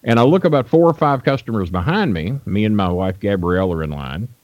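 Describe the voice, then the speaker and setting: An older man with a low voice tells rambling, blunt stories on a radio show. His speech is full of fillers and restarts. The dry, dull lo-fi audio sounds like an old broadcast. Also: lively intonation, brisk, dry recording. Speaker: guest wrestling manager. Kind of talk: storytelling in a radio interview.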